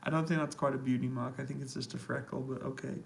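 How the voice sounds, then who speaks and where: Inside an army accommodation room, a YouTuber goes live, reading viewer comments aloud and responding casually with frequent laughter. His voice is medium-pitched and gravelly, and the recording is rough.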